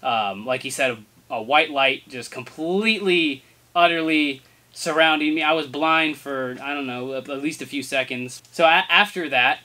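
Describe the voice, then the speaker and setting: A young man hosting, telling a wild story to the camera in a casual, animated way, laughing and tripping over his words. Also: on the high side, moderate pace. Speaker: host.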